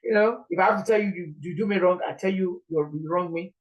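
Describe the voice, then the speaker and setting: A woman's voice: on the low side, quick pace, lo-fi sound. A Nigerian woman preaching an informal sermon in an earnest, pleading way, repeating her points.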